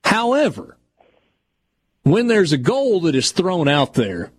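A man's voice: fairly high pitch, wildly swooping pitch, takes it slowly, slightly rough. Earnest male radio host. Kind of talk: casual radio talk.

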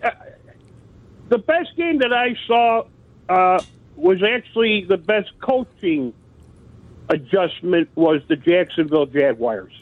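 A man's voice: high voice, expressive, slow pace, pauses often. A man calling into a sports radio show, hesitant and full of ums and uhs, heard over a tinny phone line. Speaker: caller. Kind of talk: call-in radio chat.

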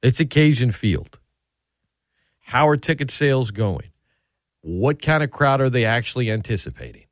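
A man's voice: mid-range voice, lively intonation, normal speed, long pauses, no room sound, studio quality. A man hosting a sports radio show, talking casually and chattily with frequent restarts and asides.

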